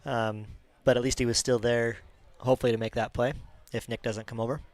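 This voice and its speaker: A man giving color commentary on a high school football game in a relaxed, analytical way. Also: a little fast, slight background noise.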